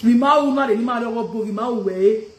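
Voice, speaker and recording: 激动的尼日利亚口音女主播，回声很重. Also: female voice, on the high side, quick pace, darkish tone, echoey room. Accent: Nigerian. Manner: confrontational, repeats questions; switches languages mid-sentence. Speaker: live streamer. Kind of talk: heated live-stream rant.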